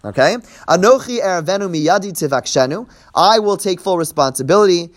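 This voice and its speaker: This man teaches the Bible in a text-study class, speaking a little fast in a high, expressive voice. He reads the verses aloud, translates them line by line, and performs the quoted speakers, explaining step by step with frequent "right?" check-ins.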